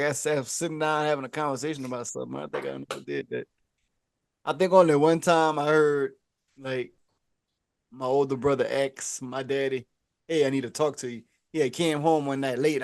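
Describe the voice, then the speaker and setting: A man co-hosting a podcast, chatting casually and telling animated stories where he acts out the people he quotes. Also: medium pitch, fairly quick, creaky, no room sound, clean studio sound. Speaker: podcast co-host. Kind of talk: casual chat.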